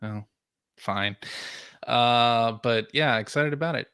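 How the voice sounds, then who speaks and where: A man's voice: medium pitch, slow, a bit bright, clean tone, no echo, studio quality. A man co-hosting a podcast in casual chat, upbeat and laughing often. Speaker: podcast co-host.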